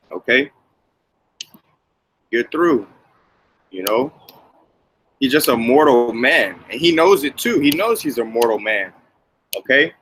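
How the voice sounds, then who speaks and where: Brief: male commentator, casual preaching tone, bright forceful voice, loose filler-heavy delivery. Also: mid-range voice, a little hiss or hum, poor audio. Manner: casual, repeats "man" and "okay". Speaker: religious commentator.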